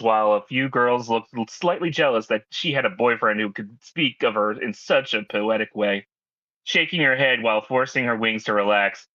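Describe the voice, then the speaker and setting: A man reading a fan story aloud with steady narration and joking asides, as host. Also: mid-range voice, normal speed, no room sound, lo-fi sound.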